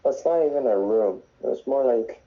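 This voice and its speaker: A man's voice: medium pitch, lively intonation, normal speed, dull audio. A young man, a navy sailor, telling rambling, profane stories in casual podcast chat. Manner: rambling, swears often, restarts. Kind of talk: casual storytelling. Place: dorm room on base.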